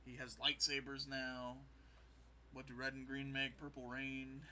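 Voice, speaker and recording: A man co-hosting a podcast, casually recapping a show and acting out scenes with quick quoted voices. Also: mid-range voice, monotone, pushed and bright, a little hiss or hum. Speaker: podcast co-host.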